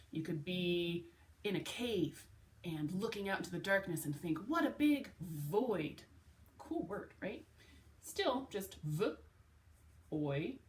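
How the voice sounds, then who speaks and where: A woman teaching a phonics lesson to young children, patient and clear, spelling words out letter by letter. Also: lowish voice, recorded from a distance.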